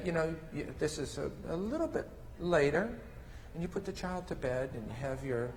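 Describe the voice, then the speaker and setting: A man's voice: mid-range voice, a bit bright, big-room sound, a little hiss or hum. A man presenting a conference session, explaining step by step as he demonstrates with toys. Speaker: conference presenter on mand training. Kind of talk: lecture with live demonstration.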